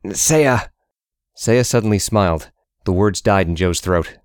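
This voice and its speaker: A man narrating an audiobook in a steady, measured reading. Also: low voice, slight background noise.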